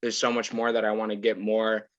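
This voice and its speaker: A man's voice: lowish voice, completely flat delivery, fairly quick, fairly bright tone, no room sound. Laid-back young man, dry muffled sound. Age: 20s. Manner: laid-back, rambling, laughs often. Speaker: podcast guest. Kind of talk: casual chat.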